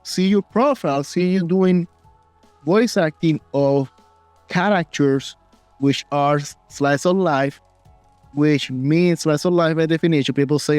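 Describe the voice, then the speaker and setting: Man interviewing, native Spanish speaker, fairly high voice, dry sound, halting broken sentences. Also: darkish tone, dry recording, faint music behind. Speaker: interview host. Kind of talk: casual interview.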